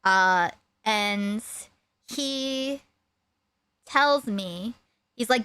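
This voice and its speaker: A woman streamer telling a personal story in a rambling, animated way. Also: mid-range voice, takes it slowly, clean tone. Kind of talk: casual storytime chat.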